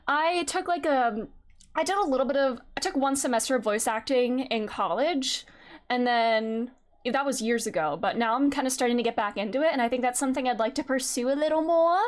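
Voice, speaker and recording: A young woman streaming a game, chatting casually with her viewers in an excitable way, with lots of gasps and fillers. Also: high voice. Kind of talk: casual live-stream chat.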